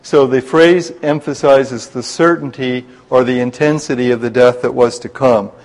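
A man leading a Bible study class, explaining scripture in a measured way and slowing down to spell out terms and quotes. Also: medium pitch, fairly even intonation, darkish tone, poor audio.

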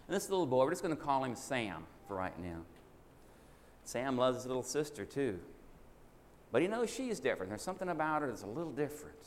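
A man's voice: medium pitch, big pitch swings, fairly quick. Folksy man preaching in an echoey hall. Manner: folksy, acts out child and father voices in a story. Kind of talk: sermon storytelling. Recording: echoey hall with faint hiss.

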